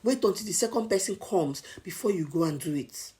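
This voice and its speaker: A woman's voice: fairly low pitch, animated, a little fast, warm tone. A woman from Nigeria with a Nigerian accent, giving casual advice to viewers in an emphatic, repetitive coaching manner. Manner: emphatic, repeats points, coaching tone. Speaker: advice vlogger.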